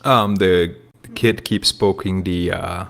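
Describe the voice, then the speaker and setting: A man narrating in a tabletop game in a relaxed way, with many fillers. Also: deep voice, slow pace, creaky. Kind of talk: tabletop role-play talk.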